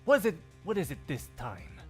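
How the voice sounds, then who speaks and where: A man in a live fan dub voicing a cocky male agent in a low, slow, smug voice. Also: huge pitch swings, darkish tone, faint music behind. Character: cocky male martial-arts style agent.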